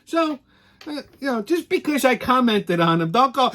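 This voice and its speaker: Male host, crude mocking rant delivery, high and animated pitch. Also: moderate pace. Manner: crude, profane, mocking, swings between loud outbursts and low grumbling. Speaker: show host. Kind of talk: ranting comedic commentary.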